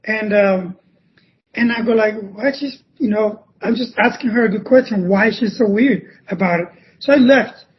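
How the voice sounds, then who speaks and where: A Spanish-speaking man from Cuba with a Cuban Spanish accent, a podcast guest telling stories in a halting way that often restarts phrases. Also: sits high, a little hiss or hum. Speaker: podcast guest, former ballet dancer. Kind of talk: conversational interview storytelling. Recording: dull lo-fi podcast audio.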